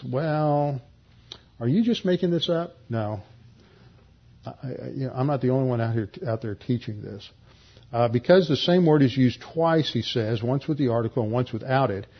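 A man's voice: mid-range voice, breathy edge. A man giving an earnest expository Bible teaching, explaining word meanings with emphatic stresses and frequent restarts. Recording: dull lo-fi recording.

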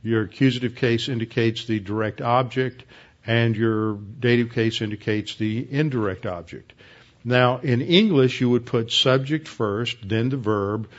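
Male Bible study teacher, explanatory and halting, muffled lo-fi recording. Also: medium pitch. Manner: explanatory, halting with many fillers and restarts. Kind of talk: classroom lecture.

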